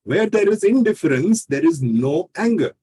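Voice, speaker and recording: A man, a healing coach speaking in a measured, teacherly way with rhetorical questions. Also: high voice, big pitch swings, dark tone, husky, poor audio. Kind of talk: calm explanatory interview talk.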